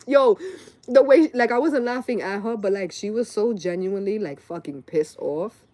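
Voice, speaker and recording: A woman's voice: mid-range voice, moderate pace, warm tone. A woman in her late thirties, a tarot reader ranting casually and profanely on a live stream, wandering from story to story. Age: late 30s.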